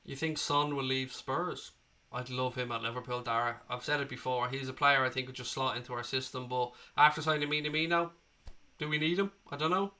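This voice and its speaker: A man's voice: medium pitch, fairly even intonation, fairly quick, sharp tone. Chatty Irish man with a cold. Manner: chatty, swears freely, calls viewers mate. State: has a cold. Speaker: livestream host reading chat. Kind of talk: casual live chat.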